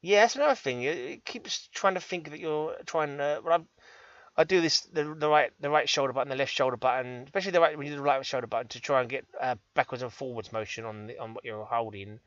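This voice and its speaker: Speaking quickly in a medium-pitched, slightly bright voice, an English man on a gaming channel chats cheekily over gameplay and pokes fun at himself. The audio has no echo, and its highs are cut off.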